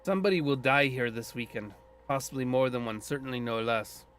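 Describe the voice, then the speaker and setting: A man doing a gruff Scottish-ish druid. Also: mid-range voice, a little fast, fairly bright tone, slight background noise, natural voice. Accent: put-on loosely Scottish. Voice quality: folksy, blunt and earthy. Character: gruff, blunt male druid guardian of the land. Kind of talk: voicing a game character.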